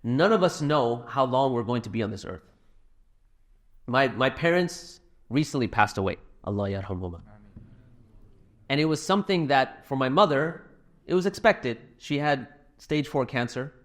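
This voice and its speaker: At a fundraising talk in a hall, a middle-aged man tells anecdotes and asks the live audience for donations in a conversational manner. He has a medium pitch, lively intonation and a moderate pace.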